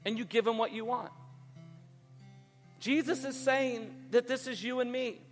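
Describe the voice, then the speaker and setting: Pastor, male, high voice, lively preacher, reverb-heavy hall. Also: unhurried, faint music behind. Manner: animated preacher, acts out quoted voices. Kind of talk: sermon.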